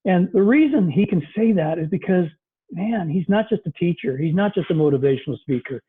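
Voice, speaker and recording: A man's voice: sits high, expressive, brisk, breathy edge. A man preaching a conversational sermon as pastor, with many fillers. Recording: tinny phone-like recording.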